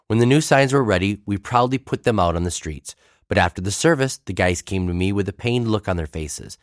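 A male pastor reads a personal story aloud with a wry, understated storyteller's touch. His voice sits on the lower side, and the recording is close and dry, with no room echo. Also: lively intonation, a little fast.

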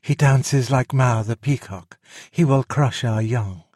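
A man's voice: medium pitch, slow pace, darkish tone, dry recording, clean studio sound. A man voicing fearful, hostile cobras in a storybook reading, complaining in a raised voice. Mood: alarmed.

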